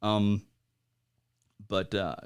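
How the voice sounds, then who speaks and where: A man in his forties, an American military veteran, telling his story as a podcast guest in a halting way, with lots of fillers and wry laughs. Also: lowish voice, fairly even intonation, clear, resonant tone. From United States. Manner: halting, many fillers, laughs at grim moments. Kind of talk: conversational interview storytelling.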